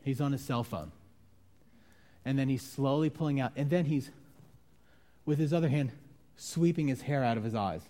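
Man preaching a conversational sermon, mellow voice. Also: mid-range voice, normal speed, long pauses. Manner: conversational preaching, acts out quoted voices with sudden loud outbursts. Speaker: pastor.

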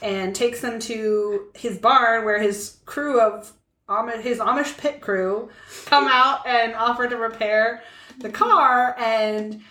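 A woman's voice: on the high side, steady tone, slow, pushed and bright, roomy sound. A woman co-hosting a podcast, chatting casually as she sums up a film plot with many fillers and asides. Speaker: podcast co-host.

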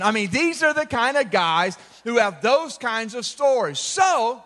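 A pastor preaching a sermon with humor, swinging from shouted peaks to low, intimate tones and acting out quoted voices. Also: male voice, big pitch swings, a little slow, hardly any pauses, big-room sound.

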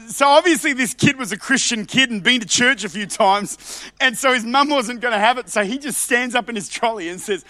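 High, bright-voiced passionate preacher man. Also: a little fast, no room sound. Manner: passionate, swings between loud shouts and quiet asides, repeats words. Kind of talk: sermon.

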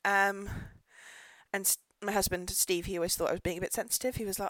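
A woman's voice: medium pitch, sing-song, a little fast, fairly bright tone, dry recording, poor audio. A pregnant woman hosting a casual solo podcast, ranting and laughing, swearing now and then, sometimes turning away from her microphone. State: pregnant, pulling away from mic. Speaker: podcast host, pub landlady. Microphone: podcast microphone, dry close sound.

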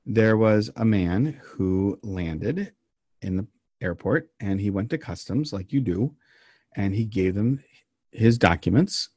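A man co-hosting a podcast, telling an odd story in a casual, meandering way with deadpan jokes. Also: fairly low pitch, breathy edge, dry recording, studio quality. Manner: deadpan joking, meandering with frequent ums.

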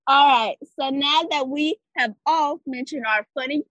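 An earnest, upbeat teenage girl co-hosts a student podcast. Her voice is a little high, and the dry recording sounds slightly dull and muffled. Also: measured pace, fairly bright tone, no room sound. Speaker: podcast co-host. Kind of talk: casual chat.

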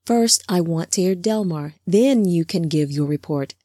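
Firm angelic male leader, grave and measured; a woman reads him, lowish voice, dry close mic. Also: expressive, dark tone, dry recording. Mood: stern.

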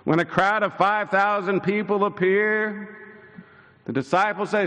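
A male pastor preaching a sermon, telling the story with lively mimicry of the disciples. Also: measured pace. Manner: animated storytelling, mimicking disciples in high voices. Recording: church hall reverb.

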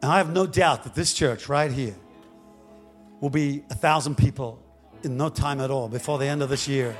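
A male pastor preaching a dramatic storytelling sermon that swings up to shouting. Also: mid-range voice, moderate pace, faint music behind, a faint crowd.

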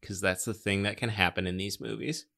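A man's voice: deep voice, fairly even intonation, a little fast, sharp tone. A young man co-hosting a casual film review podcast, sarcastic, swearing and laughing often. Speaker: podcast co-host. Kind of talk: casual movie review chat.

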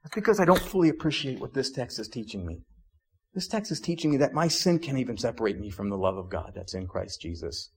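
A man's voice: medium pitch, big pitch swings, fast, slightly rough. A young adult man preaching a sermon as pastor in a conversational way, with frequent "like"s and restarts.

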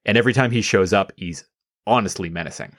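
A man's voice: on the low side, fast. A man co-hosting a video game podcast in casual chat, with a blunt, profane way of talking. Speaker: podcast co-host.

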